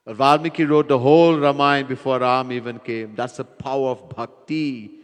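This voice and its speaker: A man preaching a devotional sermon, telling a story in an animated way and acting out its characters. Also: mid-range voice, normal speed. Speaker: swami, preacher. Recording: long hall reverb.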